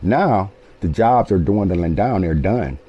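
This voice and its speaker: A man in his late forties telling a personal story in an animated, profane way, often checking in with his listeners. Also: low-pitched, slow, breathy edge, lo-fi sound. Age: 40s. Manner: animated, profane, keeps asking "you feel me". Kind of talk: casual storytelling.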